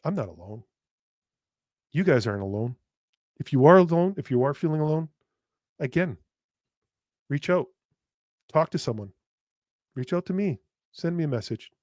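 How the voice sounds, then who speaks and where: A man's voice: on the high side, animated, moderate pace, long pauses, darkish tone, dry recording, clean studio sound. A man hosting a podcast who speaks candidly and emotionally, stumbling over restarts and repeated words, swearing bluntly now and then, and addressing his listeners directly. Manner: earnest, speaking straight to listeners. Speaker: podcast host. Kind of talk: candid personal podcast monologue.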